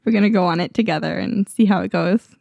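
A young woman co-hosting a casual podcast with her husband, her voice hoarse from a sore throat, laughing often and poking fun at herself. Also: medium pitch, quick pace, no echo, lo-fi sound. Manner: laughs often, self-deprecating. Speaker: podcast co-host. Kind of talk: casual chat. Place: home, on a couch.

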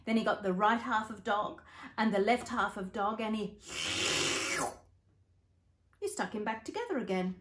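A woman's voice: mid-range voice, animated, normal speed, pauses often, fairly bright tone, a little hiss or hum. A woman with an Australian accent telling a story to children, playful, asking the listeners questions and making sound effects.

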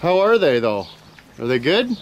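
High-voiced crude guy. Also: big pitch swings, moderate pace, a little hiss or hum. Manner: crude, profane, joking. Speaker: vlogger filming friends. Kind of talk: casual outdoor banter. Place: outdoors at a house. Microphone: handheld camera.

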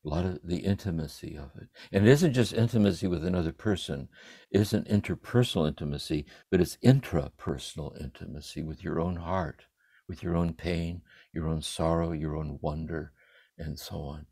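An older man speaking from a room at home over a livestream, giving a contemplative spiritual reflection in a meditative way, letting his phrases trail off softly. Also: sits low, normal speed, gravelly, breathy edge, no echo. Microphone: livestream computer mic.

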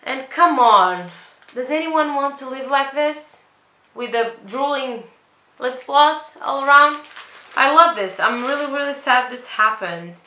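A woman's voice: high-pitched, lively intonation, measured pace, sharp tone. Chatty, dramatic woman vlogger, echoey room. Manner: chatty, dramatic complaints, self-mocking. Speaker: beauty vlogger. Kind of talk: casual product review. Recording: echoey room with faint noise.

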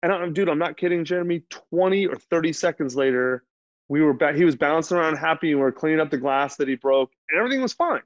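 A man's voice: fairly high pitch, lively intonation, quick pace, no room sound. A man guesting on an interview show, telling a personal story in a candid, rambling way, full of fillers and casual swearing. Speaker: podcast guest. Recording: dull dry lo-fi sound.

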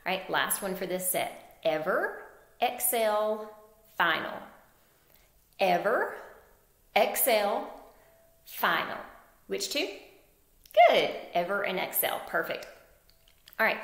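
A woman teaching a phonics lesson to young children, slowly sounding out word parts and praising answers. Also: on the low side, gravelly, fairly bright tone, reverberant.

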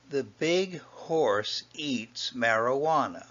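A man teaching a language lesson, patiently explaining and repeating each example in a slow, explanatory way. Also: mid-range voice, big pitch swings, fairly bright tone. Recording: dull lo-fi audio.

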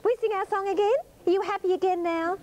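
A young Australian woman hosts a 1980s children's TV show, gushing and coaxing small children in an exclamatory sing-song. Her voice is very high and darkish in tone, quick, with fairly even intonation, recorded in a 1980s TV studio with music behind.

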